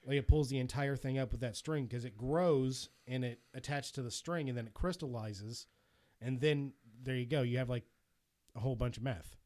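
A man's voice: moderate pace, dark tone. A man hosting a podcast, talking in a loose, profane, joking way. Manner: laughing, loose and profane, breaks into high mock voices. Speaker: podcast host. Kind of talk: casual podcast chat.

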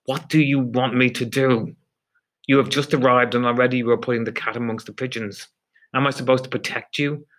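A man reading a story aloud, voicing a furious male prison official who shouts contemptuously at a newcomer. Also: mid-range voice, fairly even intonation, moderate pace, lightly acted. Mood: exasperated.

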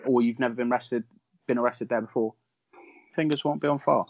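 A man's voice: mid-range voice, fairly even intonation, fairly quick, no echo, lo-fi sound. A man co-hosting a casual, joking film podcast, swearing often. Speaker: podcast co-host.

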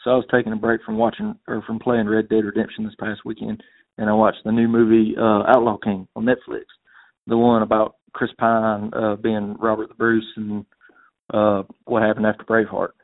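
A man's voice: fairly low pitch, completely flat delivery, moderate pace. A man from South Carolina leaving a rambling, casual voicemail for a podcast, with lots of "uh"s. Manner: casual, rambling with many fillers. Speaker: caller. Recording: tinny phone line.

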